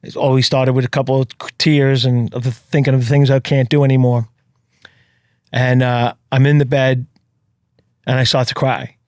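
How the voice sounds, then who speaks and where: A man's voice: medium pitch, level tone, moderate pace, a little mellow, dry recording, clean studio sound. A man with a New York accent, a podcast guest telling his story in earnest, blunt, emphatic chat. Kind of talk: casual storytelling.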